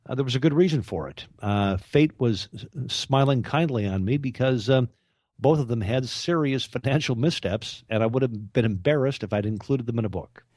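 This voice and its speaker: A man telling business stories in an interview, acting out the people he quotes with animated emphasis. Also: medium pitch, moderate pace, no echo, studio quality. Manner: animated storyteller, acts out quoted voices. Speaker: author and podcast co-host. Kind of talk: storytelling interview talk.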